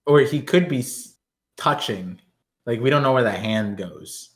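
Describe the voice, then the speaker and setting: A man in loose podcast banter, jokey and crude, laughing again and again. His voice sits at an ordinary pitch. The room around him rings with echo. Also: moderate pace. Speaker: podcast co-host. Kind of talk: casual chat. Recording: roomy echo.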